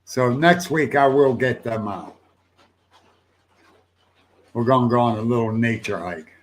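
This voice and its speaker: Older male streamer, slow folksy rambler, casual swearing, middle-pitched voice. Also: slight background noise. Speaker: livestream host. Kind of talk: casual chat answering viewers' comments.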